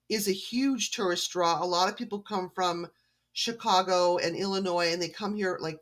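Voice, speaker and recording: A Canadian woman with a fairly low, fairly bright voice appears as an author guest on a podcast. She tells stories in a friendly, chatty manner during a casual interview conversation.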